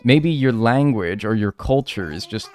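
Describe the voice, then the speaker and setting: In a lower voice and at a slightly slow pace, a man livestreams gameplay with faint music in the background. He's animated and casual, drifting between replies to chat in a rambling, swear-heavy way packed with "like."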